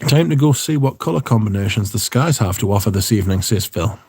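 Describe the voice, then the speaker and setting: A man's voice: lowish voice, animated, quick pace, darkish tone, husky, dry recording, clean studio sound. A man, hosting a livestream in casual chat, reading viewer comments in a rambling, profane, wry way. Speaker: livestream host.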